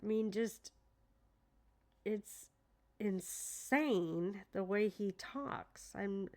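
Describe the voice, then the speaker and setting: A woman's voice: mid-range voice, drawn-out words, a little mellow. Incredulous woman reading transcript at home. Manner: incredulous, hesitant with many fillers. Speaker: true crime commentator. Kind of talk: casual commentary reading a transcript aloud. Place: at home with her dogs.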